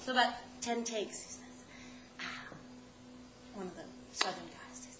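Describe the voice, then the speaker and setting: A woman comedian telling a story live, wry and animated, acting out the people she quotes. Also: mid-range voice, unhurried. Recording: echoey room, loud background noise.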